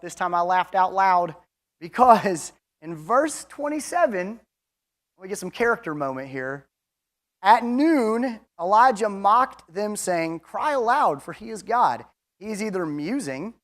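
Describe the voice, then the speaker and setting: A man teaching a Bible class in a casual, chatty way, reading scripture passages aloud between his own comments and asides. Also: high voice. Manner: conversational, chatty, with asides and fillers.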